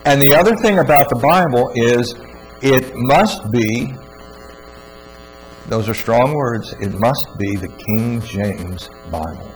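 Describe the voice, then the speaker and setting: A man's voice: medium pitch, animated, slow pace, poor audio. A man giving an earnest, emphatic religious teaching talk, often repeating words for stress. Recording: faint mains hum.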